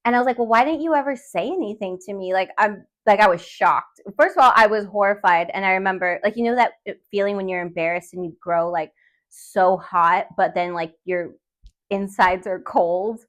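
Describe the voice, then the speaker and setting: A woman's voice: medium pitch, normal speed. A woman hosting a podcast, telling a story in a rambling, self-conscious way with nervous laughs. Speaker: podcast host. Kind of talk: casual solo podcast storytelling. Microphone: studio podcast mic.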